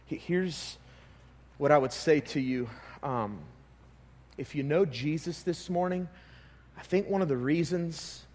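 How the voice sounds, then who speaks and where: A man preaching a sermon as pastor in a church, talking in a casual, animated way with frequent restarts. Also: fairly high pitch, in a large hall.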